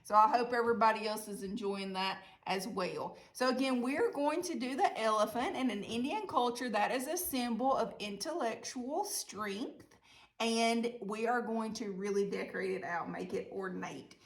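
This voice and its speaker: Southern lady art teacher, chatty, kinda high voice, walks kids thru drawing. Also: moderate pace. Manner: friendly, chatty, step-by-step instructions. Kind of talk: online art lesson.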